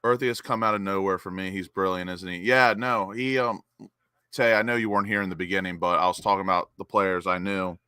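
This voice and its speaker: Excitable young man hosting a watch-along. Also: deep voice, a little fast, clean tone, no echo, clean studio sound. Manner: excitable, reads chat names and cheers goals. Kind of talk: live-stream match watch-along chat.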